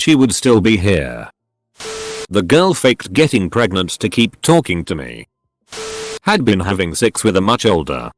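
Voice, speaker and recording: A man narrating a series of anonymous stories in a steady, matter-of-fact scripted reading. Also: lowish voice, no room sound.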